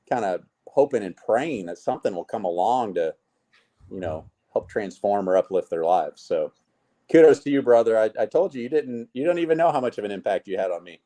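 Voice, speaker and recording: A man in a casual interview, telling stories from his business life and acting out what people said to him. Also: lowish voice. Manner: animated storyteller, acts out quotes. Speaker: guest, network marketing leader.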